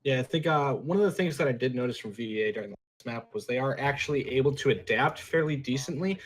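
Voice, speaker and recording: A man giving live color commentary on an esports match, analyzing teams in a relaxed, loose way. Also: mid-range voice, fast talker. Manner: analytical, relaxed, many "you know" fillers. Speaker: esports caster.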